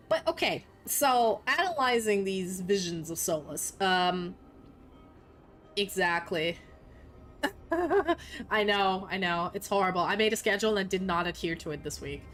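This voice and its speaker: Her voice is on the low side and a bit bright. She's a young streamer casually chatting with viewers live, laughing and swearing a lot and now and then putting on a playful fake Scottish accent.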